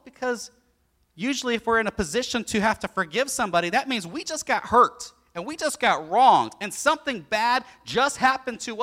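A middle-aged male pastor giving an animated sermon, telling stories and asking the congregation questions. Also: sits high.

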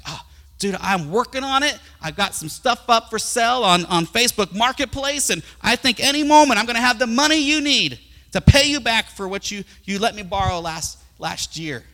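A casual, apologetic man, played by a male preacher explains why he hasn't paid yet. The voice is high and bright. The room has a long reverb. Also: expressive, moderate pace, heavily acted. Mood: excusing. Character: casual man making excuses about a small debt.

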